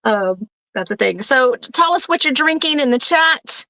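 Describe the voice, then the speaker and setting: A middle-aged woman chats casually as a podcast co-host, joking with her viewers. Her voice is bright and a little high. The sound is dry and close. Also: animated, measured pace, no echo, low-quality recording. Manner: chatty, joking with the live chat. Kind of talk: casual chat.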